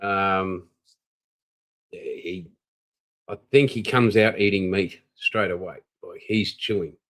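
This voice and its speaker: A tired older Australian man hosts a livestream, greeting viewers and rambling casually. His voice is deep and a bit bright, and he talks slowly; the recording is rough.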